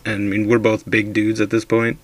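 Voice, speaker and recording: A man's voice: fairly low pitch, monotone, a little fast. A man casually telling a drunken ghost story, rambling and swearing a lot.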